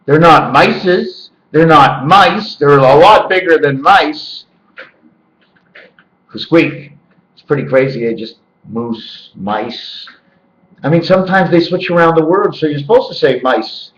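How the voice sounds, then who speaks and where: A man's voice: on the high side, lively intonation, measured pace. A man rambling to his handheld camera indoors at home, jumping between loose word and number associations. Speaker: vlogger. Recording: echoey, dull lo-fi camera audio.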